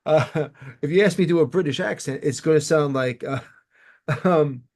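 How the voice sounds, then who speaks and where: A man hosting an interview, talking in relaxed, jokey banter. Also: a little high, moderate pace. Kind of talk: casual conversation.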